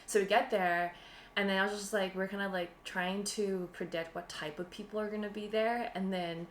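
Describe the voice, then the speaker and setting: A woman co-hosting a casual podcast, rambling through an animated story packed with "like" and bursts of laughter. Her mid-pitched voice rings out in a roomy, echoey space, with faint ambient noise underneath. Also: moderate pace. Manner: rambling, animated retelling with frequent laughs and fillers. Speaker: podcast co-host. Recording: roomy echo.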